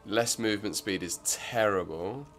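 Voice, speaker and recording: Soft background music accompanies a game streamer whose lowish voice has a fairly bright tone and a slightly slow pace. His commentary is relaxed and rambling, full of filler words.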